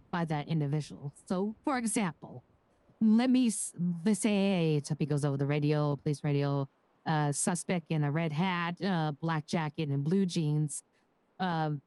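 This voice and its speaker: A woman's voice: low voice, a little mellow, clear, resonant tone, no room sound. A woman playing a young law graduate in a role-play job interview, speaking hesitantly with many restarts. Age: young adult. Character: nervous young woman fresh out of law school.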